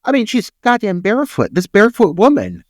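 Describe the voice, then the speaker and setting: An emphatic man whose pitch swings up and down a lot as he talks. He sounds indignant, repeats his points and swears as he discusses a film with his co-host. His voice is close and dry, with no room sound. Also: wildly swooping pitch, brisk, dry recording. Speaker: podcast co-host.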